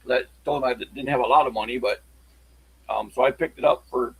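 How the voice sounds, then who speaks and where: Man, gravelly, husky, halting rambling show-and-tell, casual livestream chat, dry close sound. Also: medium pitch, fairly even intonation, fairly bright tone, dry recording, poor audio. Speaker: locksport hobbyist showing his tools.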